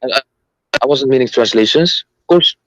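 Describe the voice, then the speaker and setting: A man's voice: mid-range voice, brisk, fairly bright tone, dry recording, muffled recording. A man calling into a religious debate, answering defensively and hesitantly, full of fillers and appeals to his brother. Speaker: caller in a debate.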